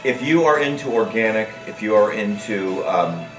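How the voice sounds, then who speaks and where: A man's voice: fairly low pitch, lively intonation, moderate pace, roomy sound, soft background music, poor audio. A man from New York co-hosting a casual chat, chiming in emphatically and teasing. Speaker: co-host.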